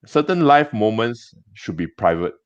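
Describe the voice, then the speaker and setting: A man with a Singaporean English accent, a gem business owner telling stories in a casual interview, chatty and halting with many restarts. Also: fairly low pitch, sing-song, clean tone, no room sound. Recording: dull dry lo-fi sound.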